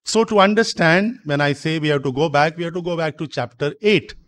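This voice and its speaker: A man preaching a sermon in a church, explaining slowly, repeating himself and asking rhetorical questions. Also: a little high, a bit bright. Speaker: priest.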